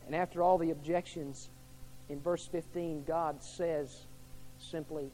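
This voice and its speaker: A man preaching a sermon as pastor, swinging from hushed to loud and repeating his questions to the congregation. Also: fairly high pitch, steady tone, measured pace, a little hiss or hum.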